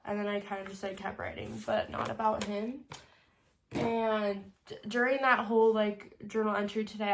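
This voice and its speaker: A woman in her early twenties tells a personal story in a casual confessional vlog, emotional and close to tears, laughing through it, with many "like" fillers and soft trailing endings. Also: medium pitch, fairly even intonation, brisk. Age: 20s. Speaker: vlogger.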